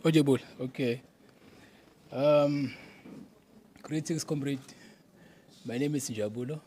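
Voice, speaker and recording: A man's voice: mid-range voice, slow, mellow, a little hiss or hum. A South African man from KwaZulu-Natal, a provincial secretary giving a conference address, chanting slogans and mixing Zulu words into his English.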